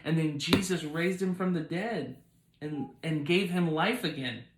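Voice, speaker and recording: A man's voice: a little high, measured pace, reverberant, rough recording. Man telling a child a Bible story. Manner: warm, encouraging and playful with a small child. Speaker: parent hosting a home video with his child. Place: child's bed at home.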